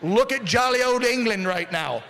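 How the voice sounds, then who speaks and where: High bright-voiced guy, brash and cussing, getting a crowd fired up, faint room noise. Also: animated, normal speed, creaky. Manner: brash, profane, joking asides. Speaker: event warm-up speaker. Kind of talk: rally hype speech.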